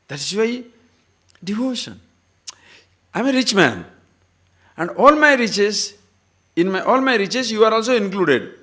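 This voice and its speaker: A man's voice: sits high, big pitch swings, slow, pauses often, bright, forceful tone. A man giving a scripture lecture as a spiritual teacher, asking rhetorical questions and repeating words for emphasis.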